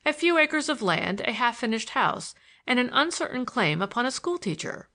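A woman's voice: a little high, sing-song, normal speed, pushed and bright, pitched above the performer's own voice, heavily acted. A woman voicing a defiant, sardonic young man.

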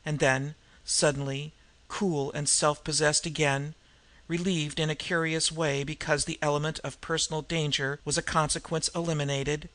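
A man narrating a novel in a steady, measured audiobook reading. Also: on the high side. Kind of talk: scripted narration.

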